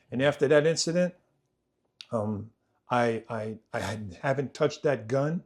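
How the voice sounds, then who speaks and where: Here a man tells his life story on a podcast at a slightly slow pace, moving between animated, loud moments and hushed, low ones. His conversational storytelling is vivid and repetitive, with impressions of relatives' voices.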